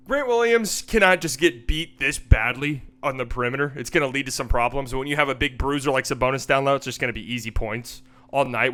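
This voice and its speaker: A young man breaking down basketball game film in a casual, animated way, laughing and mocking the plays as he goes. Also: medium pitch. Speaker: basketball analysis host.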